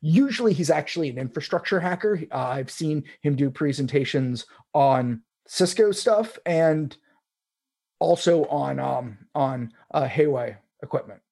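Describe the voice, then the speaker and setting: A man's voice: on the high side, expressive, unhurried, creaky, warm tone. A man hosting a casual tech chat, rambling with restarts and fillers. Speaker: podcast host.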